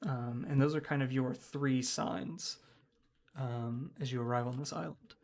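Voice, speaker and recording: A man's voice: mid-range voice, fairly even intonation, unhurried, darkish tone. A man running a tabletop game as game master, describing scenes with frequent ums and hedging words. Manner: hesitant, many ums.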